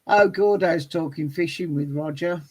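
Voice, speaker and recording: A woman's voice: low voice, moderate pace, husky. Chatty woman hosting a video call. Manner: chatty, self-mocking, warm to guests. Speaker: host of a live online chat show. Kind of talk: casual chat.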